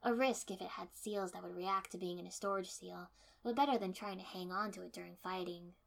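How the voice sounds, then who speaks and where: A woman's voice: on the low side, fairly even intonation, fairly quick, gravelly. Woman narrating first-person fiction.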